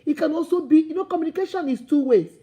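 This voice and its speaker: A woman relationship coach giving an animated, preachy vlog talk, speaking straight to her viewers as sister and brother and acting out quoted dialogue. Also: high-pitched, fast talker. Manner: acts out quoted dialogue in playful voices. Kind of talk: motivational vlog talk to camera.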